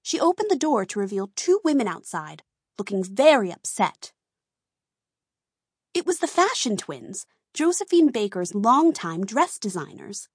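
A woman reading a children's storybook aloud, slow and expressive. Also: mid-range voice, breathy edge, no room sound, clean studio sound. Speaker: narrator.

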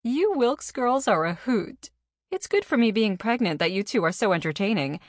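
A brash, playful pregnant woman, voiced by a woman reading an audiobook, a little higher than the reader's own voice. She tosses off wisecracks in an offhand way. The sound is close and dry. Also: sing-song, moderate pace, dry recording. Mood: breezy.

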